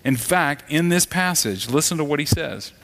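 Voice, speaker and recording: A man's voice: a little high, expressive, normal speed, creaky, fairly bright tone. A man preaching a sermon in a conversational, storytelling way, acting out the voices of the people in his stories. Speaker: pastor.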